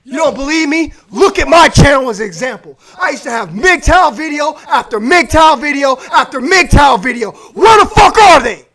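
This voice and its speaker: A man hosting a live stream, shouting an aggressive, profane rant from his man cave and going hoarse. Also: extremely high pitch, lively intonation, moderate pace, few pauses.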